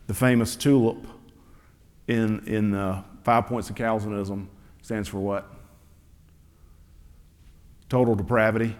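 A man preaching a relaxed, conversational sermon at a middle pitch, full of rhetorical questions and filler words. His voice carries a long reverb, as if recorded in a large hall. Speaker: pastor.

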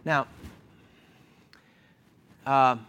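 A man preaching a sermon, asking the congregation questions and answering them himself, with an animated, chuckling delivery. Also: drawn-out words, dull audio, a little hiss or hum.

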